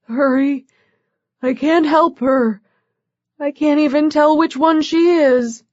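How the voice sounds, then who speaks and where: A woman's voice: high-pitched, takes it slowly, a little mellow, no room sound, pitched above the performer's own voice. A woman voicing a weakened man who pleads urgently for help, his voice weak and breathless. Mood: frantic. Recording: dull, dry lo-fi audio.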